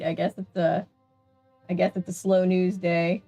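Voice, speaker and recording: A woman's voice: fairly low pitch, little pitch movement, unhurried, warm tone, soft background music. A woman with a Southern US accent, chatting casually and laughing often while streaming a video game. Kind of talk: casual gameplay chat.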